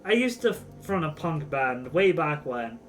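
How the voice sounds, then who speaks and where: A man voicing a weathered older male ex-punk turned shaman mercenary, reading game dialogue aloud in a blunt, rough-edged, world-weary manner. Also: fairly high pitch, big pitch swings, a little slow, soft background music.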